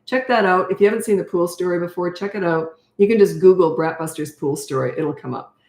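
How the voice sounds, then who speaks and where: A woman's voice: fairly low pitch, a little fast, darkish tone. An older woman who coaches parents, giving blunt, matter-of-fact advice in a casual question-and-answer talk and laughing often. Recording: roomy echo.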